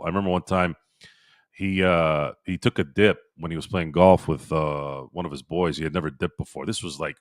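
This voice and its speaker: Host type: low-pitched man, casual streamer, chatty and repetitive, dry close sound. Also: no room sound. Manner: rambling, repeats himself, talks to chat by name. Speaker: sports podcast host. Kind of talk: casual live-stream chat reading viewer comments. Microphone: streaming microphone.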